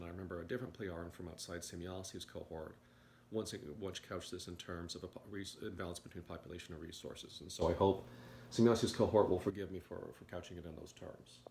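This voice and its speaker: A man giving a rambling morning monologue to a video audience, halting and repeating words as he goes. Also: low-pitched, darkish tone, echoey room, slight background noise. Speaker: video commentator.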